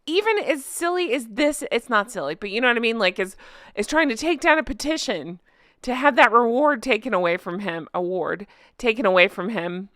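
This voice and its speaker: A woman's voice: fairly high pitch, a bit bright, dry recording, studio quality. A middle-aged woman hosting a commentary vlog, talking in a heated, indignant way and reading viewer comments aloud. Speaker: commentary channel host.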